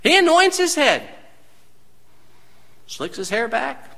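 A man's voice: very high voice, sing-song, takes it slowly, vocal fry, pushed and bright, in a large hall. A man preaching a sermon, dramatic and full of rhetorical questions to his congregation. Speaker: pastor.

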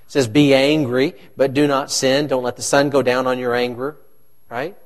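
A man's voice: medium pitch, flat delivery, normal speed. A man, a pastor, preaching a conversational sermon and asking his congregation questions.

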